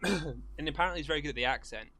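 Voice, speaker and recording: A man's voice: on the high side, sharp tone. Young man asking questions. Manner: quizzing, joking, halting restarts. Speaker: podcast co-host. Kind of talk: casual chat.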